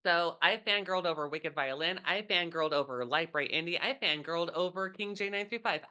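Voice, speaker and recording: A woman's voice: fairly low pitch, fairly quick, bright, forceful tone, smooth, lo-fi sound. A woman co-hosting a podcast, telling rambling stories in casual chat, full of fillers. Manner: rambling storyteller, many fillers. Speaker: podcast co-host.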